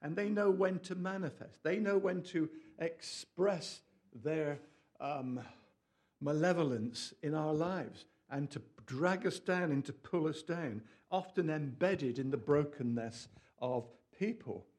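A man preaching a lively, jokey sermon, with asides to his audience. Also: fairly high pitch, measured pace. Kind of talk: lively sermon to a small group.

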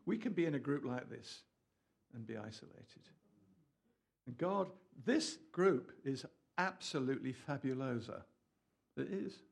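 A man preaching a lively, jokey sermon, with asides to his audience. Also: mid-range voice, moderate pace, creaky. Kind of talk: lively sermon to a small group.

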